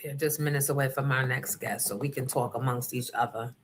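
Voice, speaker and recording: A middle-aged woman hosting a livestream, chatting casually and telling stories in an animated, profane way, acting out the other people in them. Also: very deep voice, fairly quick, a little hiss or hum. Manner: animated, profane, acts out voices in her story. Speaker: livestream host. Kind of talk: casual chat, storytelling.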